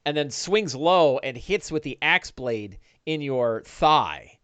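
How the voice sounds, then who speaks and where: A man narrating a one-on-one tabletop game as dungeon master, animated, with quick bursts and restarts. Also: mid-range voice, clear, resonant tone, no room sound.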